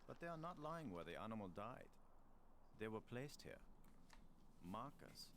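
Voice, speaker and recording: A man's voice: lowish voice, very animated, measured pace, a bit bright, slight background noise, exaggerated voice. An actor playing an indignant, sarcastic male archaeologist in an adventure game. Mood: explaining. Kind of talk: 1990s adventure game voice acting.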